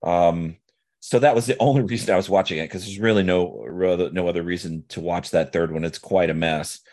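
A man's voice: low-pitched, fairly even intonation, brisk, darkish tone. A man co-hosting a podcast, talking about movies in a loose, rambling way full of fillers and restarts. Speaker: podcast co-host. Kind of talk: casual film discussion.

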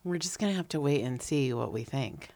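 A woman's voice: very deep voice, lively intonation, a little fast, mellow, no room sound. A woman co-hosting a casual pop-culture chat, rambling playfully and restarting her sentences.

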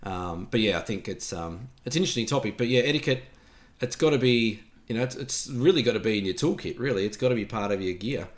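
A man's voice: fairly low pitch, fast. An Australian man co-hosting a podcast, chatting casually and telling stories with frequent restarts. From Tasmania, Australia. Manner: relaxed storytelling, frequent restarts. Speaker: podcast co-host. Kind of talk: casual chat.

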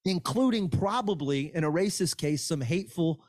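A man's voice: fairly high pitch, animated, moderate pace, a little mellow, no echo, studio quality. A man chatting casually on a podcast, ranting animatedly and swearing freely. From Boston area. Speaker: podcast host.

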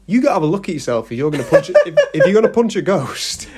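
A man's voice: sits high, sing-song, quick pace, crowd noise. A man co-hosting a casual chat show, teasing and fond of wind-ups. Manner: teasing, self-described wind-up merchant. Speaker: podcast co-host.

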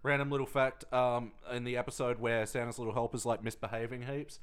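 A man hosting a casual podcast chat, relaxed and laughing easily. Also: medium pitch, a little fast. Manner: laughs often, relaxed and jokey. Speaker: podcast host.

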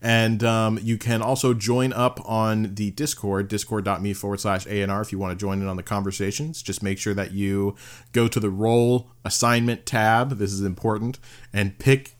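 A man's voice: fairly low pitch, fairly even intonation, normal speed. Laughing man hosting a podcast. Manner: laughs often, loose and joking. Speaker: podcast host. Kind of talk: casual chat.

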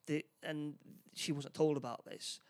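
Here the man speaks with a fairly high voice and fairly even intonation. His casual plot summary of a film is halting, full of restarts, and he voices the characters' lines as he goes.

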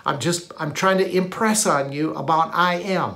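A man's voice: on the high side, moderate pace, vocal fry, pushed and bright. A man preaching a sermon, emphatic and given to repeating phrases as he quotes scripture. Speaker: pastor.

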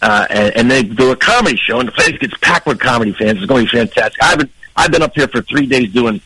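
Older man, comedian, husky voice, bright tone, animated storytelling, podcast guest. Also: mid-range voice, fast, dry recording, low-quality recording. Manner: animated, acts out people in his anecdotes.

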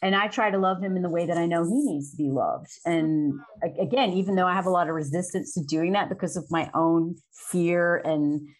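A woman's voice: lowish voice, a little fast, few pauses. Candid woman in her forties. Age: 40s. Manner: frank, laughs often, swears casually. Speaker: guest. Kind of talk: candid conversational interview.

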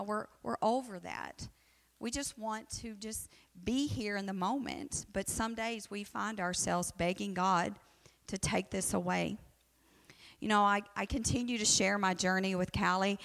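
A woman's voice: mid-range voice, fairly bright tone. A woman teaching an adult Bible study in an easy, conversational way, talking directly to her class. Her voice sits in a middle range. It carries through a large echoey hall. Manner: conversational, acts out quotes.

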